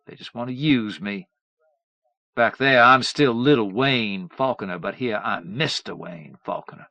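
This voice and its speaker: A man voicing an unstable, spoiled young man who erupts into petulant shouting. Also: mid-range voice, measured pace, dull audio. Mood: boastful.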